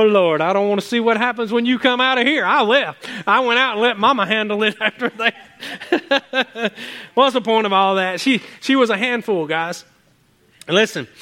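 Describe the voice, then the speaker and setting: A man preaching a sermon, telling animated stories from home with many restarts and asides to the congregation. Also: high voice. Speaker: pastor.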